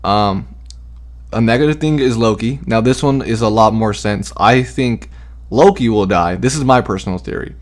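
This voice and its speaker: A man's voice: mid-range voice, normal speed. A man casually sharing fan theories, rambling with many fillers and the odd swear word. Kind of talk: casual chat.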